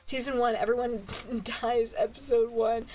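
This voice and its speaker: A woman's voice: a little high, level tone, moderate pace, dark tone, faint music behind. A tired woman streamer recapping a manga in casual chat, gushing, laughing often and swearing freely. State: tired, yawning. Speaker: virtual streamer reviewing manga.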